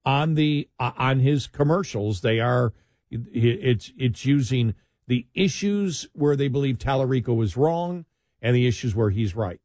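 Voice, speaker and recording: A man's voice: mid-range voice, expressive, measured pace, a little mellow, no echo, studio quality. A man chatting casually about politics, rambling with restarts and sarcastic asides.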